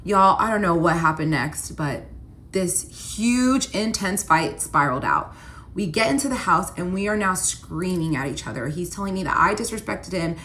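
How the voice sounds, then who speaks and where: Lower-voiced woman telling a storytime. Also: moderate pace, a little hiss or hum. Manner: animated retelling, quoting both sides in voices. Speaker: storyteller vlogger. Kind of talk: casual storytime monologue.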